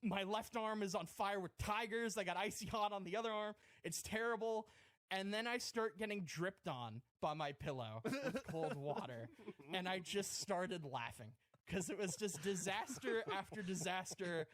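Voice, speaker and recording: A man's voice: high voice, lively intonation, normal speed, fairly bright tone, dry recording. A man on a podcast telling a self-mocking comic story, rambling and breaking into laughter. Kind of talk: casual comedic storytelling.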